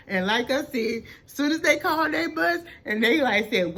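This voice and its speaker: Animated young woman telling a story. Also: on the high side, slow pace, breathy edge. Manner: animated, acts out quotes, many fillers. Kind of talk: casual storytime vlog.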